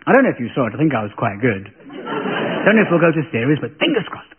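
Camp storytelling man, lively pitch. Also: fast, crowd noise. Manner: arch, camp, deadpan storytelling. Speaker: comedy show host. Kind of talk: stand-up monologue. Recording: tinny lo-fi broadcast audio.

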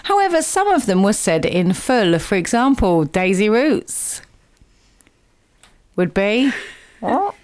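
A woman's voice: medium pitch, very animated, slow, pauses often, a little mellow. A woman presenting a radio show in a casual, chatty way, laughing easily.

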